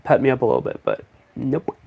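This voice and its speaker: A man talks in a loose, rambling casual chat, thinking out loud as he goes. His voice has a gravelly edge and sits at an ordinary pitch for a man. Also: quick pace, narrow, tinny audio. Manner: rambling, relaxed, thinks aloud.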